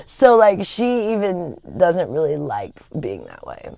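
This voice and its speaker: Gravelly-voiced woman rambling on a stream, lots of ums, dry close mic. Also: on the low side, sing-song, moderate pace, few pauses, mellow, no echo. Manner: rambling, chatty, laughs often, many fillers. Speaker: livestream host. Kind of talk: casual chat.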